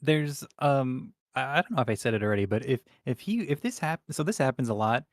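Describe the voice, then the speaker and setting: A man co-hosting a casual live stream, talking in halting, rambling restarts. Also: mid-range voice, lively intonation, no echo, clean studio sound.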